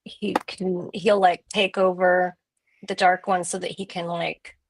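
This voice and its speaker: A woman's voice: fairly low pitch, flat delivery, unhurried, dry recording, rough recording. A woman co-hosting a casual book chat, talking hesitantly with many fillers and giggles. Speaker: podcast co-host.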